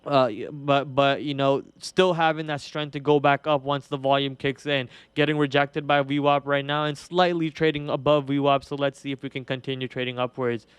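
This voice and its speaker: A man's voice: mid-range voice, steady tone, normal speed, hardly any pauses, clean tone, no room sound. A young man with an Indian accent hosts a live trading show, talking casually through charts with lots of fillers and restarts. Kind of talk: live market commentary.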